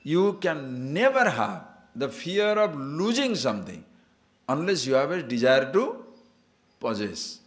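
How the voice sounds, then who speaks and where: This man, whose voice sits on the high side, speaks at a measured pace while giving a spiritual discourse. He tells stories with animation, laughs at them, and invites listeners to see and understand.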